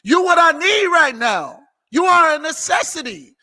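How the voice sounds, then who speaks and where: A man giving an emphatic, preachy motivational business talk on a livestream, repeating phrases and sometimes shouting. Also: very high voice, sing-song, normal speed, big-room sound. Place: indoor room filming himself on several cameras.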